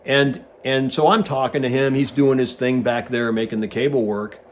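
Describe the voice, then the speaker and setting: A man in his sixties, a retired Navy pilot hosting, casually telling an animated anecdote and acting out the dialogue. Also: medium pitch, moderate pace, slight background noise. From United States. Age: 60s. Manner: animated storyteller who acts out quoted dialogue.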